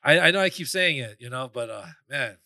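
A man's voice: medium pitch, animated, a little fast, vocal fry, sharp tone, dry recording, studio quality. A young man from Queens, New York, chatting as a podcast guest, joking, laughing often and cursing, then apologizing. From Flushing, Queens, New York. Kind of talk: casual chat.

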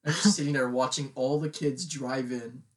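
A young man in casual chat, telling animated stories and swearing freely. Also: medium pitch, moderate pace. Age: young adult.

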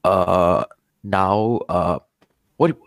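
A man's voice: sits low, extremely slow, creaky, no room sound, clean studio sound. A man co-hosting a casual podcast chat, jokey, stumbling with fillers in the outro. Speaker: podcast co-host.

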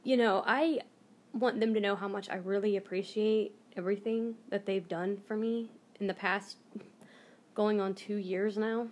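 A woman's voice: mid-range voice, fairly even intonation, moderate pace, darkish tone. Heartfelt rambling American woman vlogger. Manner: rambling, heartfelt storytelling with restarts. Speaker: channel host, reborn doll collector. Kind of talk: casual chat to camera.

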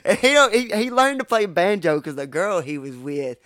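A man's voice: sits high, sing-song, normal speed, a bit bright, dry recording. Rambling guy, dry close voice. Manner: profane, rambling, laughs while telling stories. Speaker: podcast co-host. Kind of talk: casual storytelling chat.

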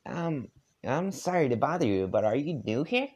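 A man's voice: medium pitch, big pitch swings, moderate pace, a little mellow, slightly rough, pitched above the performer's own voice. A man voicing a shy, polite and friendly young man, eager and earnest.

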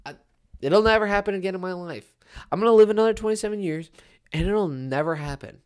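A man in his twenties giving a casual sports rant, animated and exasperated, with frequent restarts. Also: sits high, quick pace, clean tone. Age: 20s. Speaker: sports commentator.

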